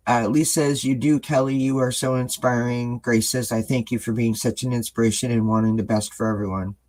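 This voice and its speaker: A man hosting his tarot channel, talking casually and earnestly to viewers, halting with many ums and restarts. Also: mid-range voice, steady tone, low-quality recording. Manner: earnest and gentle. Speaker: tarot reader and channel host.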